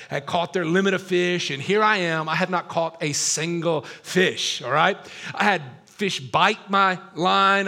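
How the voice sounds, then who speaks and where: A man's voice: sits high, vocal fry, sharp tone. A man preaching a sermon as a pastor, telling stories in a casual, self-deprecating way. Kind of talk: storytelling sermon.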